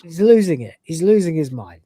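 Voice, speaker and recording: A woman's voice: low-pitched, expressive, a little fast, dark tone, husky, no echo. A woman podcast host chatting casually as she retells scenes, laughing often. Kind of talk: casual episode recap.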